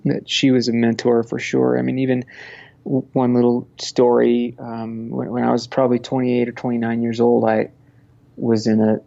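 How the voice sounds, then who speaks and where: Man, 30s, podcast guest, casual interview, rambling, laughs often, dark tone. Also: medium pitch, completely flat delivery, moderate pace, creaky, muffled recording. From Montana.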